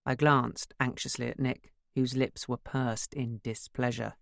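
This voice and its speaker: A woman's voice: extremely low pitch, steady tone, measured pace, creaky, dry recording, studio quality. A woman narrating an audiobook in the first person, telling the story expressively. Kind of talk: scripted narration.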